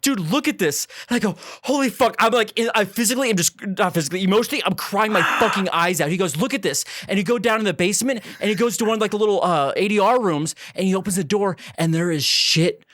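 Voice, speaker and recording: Fast-talking bright-voiced young man telling a story. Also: high-pitched, no echo, clean studio sound. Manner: animated, profane, acts out his own panic. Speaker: podcast co-host. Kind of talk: casual storytelling chat.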